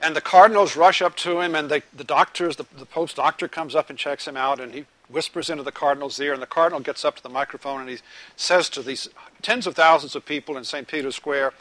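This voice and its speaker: Man, preacher, high voice, sermon with audience questions, joke-telling. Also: fast, no room sound, poor audio. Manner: animated storytelling, joke-telling.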